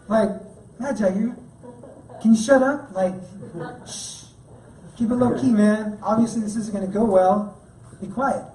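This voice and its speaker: A man's voice: high-pitched, steady tone, normal speed, mellow, a little hiss or hum. A man giving a sermon as guest speaker at a church, talking in a casual, joking way. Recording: echoey room, mic at a distance.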